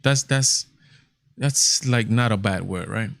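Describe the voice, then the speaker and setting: A man's voice: on the low side, slow pace, creaky, fairly bright tone, no echo, studio quality. A man hosting a casual livestream, talking emphatically with lots of repetition. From Hispanic heritage, United States. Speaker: show host.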